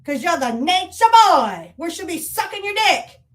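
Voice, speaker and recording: High-voiced woman ranting with profanity. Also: very animated, moderate pace, fairly bright tone. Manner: heated, profane, accusatory; repeats rhetorical challenges. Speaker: podcast host. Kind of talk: angry monologue rant.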